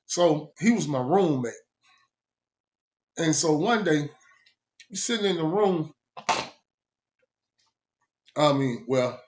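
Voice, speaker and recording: Man storyteller, animated, laughs a lot, somewhat high voice, casual telling. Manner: animated, laughs often, voice jumps high when quoting himself.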